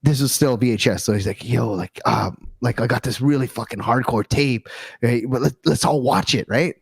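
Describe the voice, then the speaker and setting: A man's voice: mid-range voice, normal speed, vocal fry, husky, dry recording. A man co-hosting a casual podcast, telling stories in a rambling, stop-start way and laughing often. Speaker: podcast co-host.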